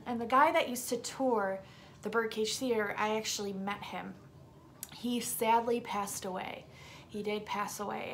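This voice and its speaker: A vlogger with a sore throat shares a story with her audience, her mid-range voice casual and emphatic, sometimes sinking into a whisper. There's slight background noise.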